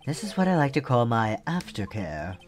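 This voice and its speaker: A man voicing a soft-spoken, courteous male assassin with mannered politeness, reading game dialogue aloud on a stream. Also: mid-range voice, sing-song, moderate pace, natural voice. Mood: polite menace.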